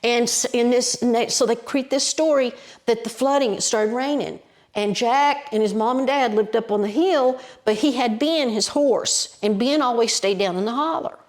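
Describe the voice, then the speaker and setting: A woman's voice: on the high side, normal speed. Folksy Appalachian woman telling a story. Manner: lively and folksy, with colloquial mountain phrasing. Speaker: storyteller, podcast guest. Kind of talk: animated oral storytelling.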